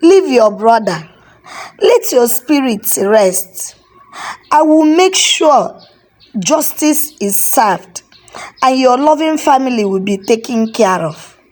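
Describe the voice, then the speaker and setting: A woman voicing an older village chief and father who shouts in anger and laments. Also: on the high side, lively intonation, a little slow. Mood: pleading.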